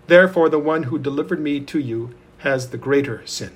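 A man reading as a calm man on trial. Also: fairly high pitch, fairly quick, slightly rough.

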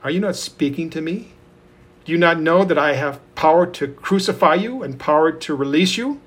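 A man reading the lines of a troubled Roman governor in a husky, fairly high voice, with earnest questioning. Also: lively intonation, moderate pace. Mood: pressing. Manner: earnest read-aloud questioning.

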